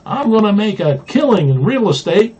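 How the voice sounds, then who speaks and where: A man's voice: high-pitched, sing-song, normal speed, a little mellow, husky, muffled recording, voice pushed up, heavily acted. A man voicing a greedy, scheming father blue jay in a storybook reading, boasting about a deal. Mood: smug. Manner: boastful, pleased with himself.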